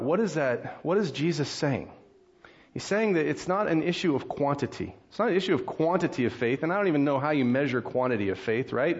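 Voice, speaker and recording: Conversational male preacher, slightly muffled. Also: fairly high pitch. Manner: conversational, animated when acting out frustration. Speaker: pastor. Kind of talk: sermon.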